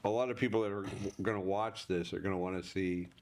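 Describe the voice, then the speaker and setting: A man interviewing a guest, asking questions in a relaxed, slightly hesitant way. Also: deep voice, fast talker.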